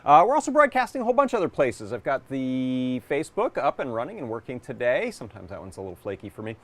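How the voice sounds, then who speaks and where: A man at a mid pitch hosts a live workshop stream in a relaxed, chatty way, leaving fillers and restarts in as he goes. He is still getting over a cold, so his voice sounds a little congested. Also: fast talker, dry recording. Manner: chatty, friendly, loose with fillers. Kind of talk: casual live-stream talk. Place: home workshop.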